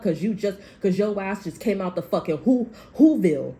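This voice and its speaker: A woman's voice: medium pitch, expressive, moderate pace, hardly any pauses, warm tone. Blunt, profane woman tarot reader. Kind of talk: casual tarot reading monologue.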